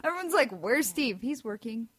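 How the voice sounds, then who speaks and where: High-voiced chatty woman from Missouri. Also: big pitch swings, a bit bright, husky. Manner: chatty, reacts with laughs and quick asides. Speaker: podcast co-host. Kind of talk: casual chat.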